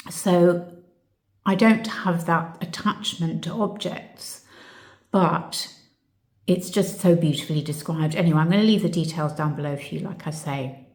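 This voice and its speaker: A woman vlogger answering viewer questions in a casual, reflective chat that turns emotional. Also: fairly low pitch. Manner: warm, reflective, gets emotional. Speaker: channel host. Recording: echoey room.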